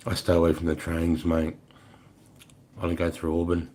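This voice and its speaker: A man's voice: sits low, completely flat delivery, moderate pace, a little mellow. An Australian man in his forties chatting casually on a livestream, answering viewers in a loose, profane way full of "mate" and "bro". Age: 40s. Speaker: livestream host.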